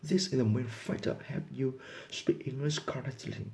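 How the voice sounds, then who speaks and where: Earnest male English teacher, Vietnamese first language, average pitch, reads both parts of practice dialogues. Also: moderate pace, vocal fry, darkish tone. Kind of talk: motivational lesson and dialogue reading.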